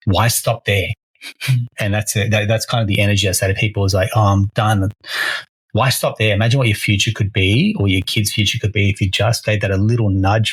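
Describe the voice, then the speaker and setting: A man's voice: fairly low pitch, slightly rough, no room sound, poor audio. A man, co-hosting a casual podcast as a mortgage broker, talking energetically and often restarting his phrases.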